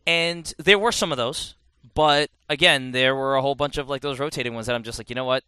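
A man's voice: medium pitch, brisk, pushed and bright, smooth, no room sound. A man in casual podcast chat, rambling and correcting himself as he reviews a game. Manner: rambling, self-correcting, chatty.

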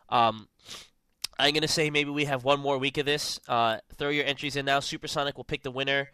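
A man's voice: on the high side, fairly even intonation, a little fast, bright, forceful tone, smooth, no room sound. A man hosting a casual podcast, rambling and joking with plenty of fillers. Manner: rambling, jokey, lots of fillers. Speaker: podcast host.

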